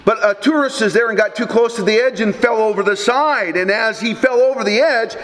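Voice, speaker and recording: A middle-aged pastor preaching a sermon, telling folksy stories with dry humor. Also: male voice, sits high, fairly quick, a bit bright. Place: church. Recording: reverberant church sanctuary.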